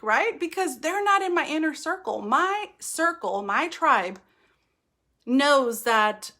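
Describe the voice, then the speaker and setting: Woman, 30s, bright and fairly high voice, upbeat motivational live-stream host, chatty. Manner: animated, chatty, often asks "right?". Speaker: host of a live video for mothers. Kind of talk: motivational casual talk.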